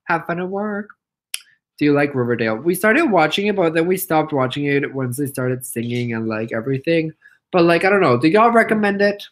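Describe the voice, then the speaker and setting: A young man from Mexico chatting casually on a livestream, reading comments out loud, playful and giggly, and squealing at his pet. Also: a little high, animated, a little fast, rough recording. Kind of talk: casual live-stream chat reading comments.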